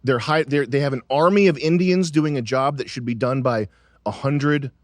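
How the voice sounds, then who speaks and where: A man hosting a casual podcast, ranting with lots of swearing, then settling into quieter musing. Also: mid-range voice, moderate pace, no echo, studio quality. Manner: profane, emphatic, trailing into quiet musing. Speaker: show host.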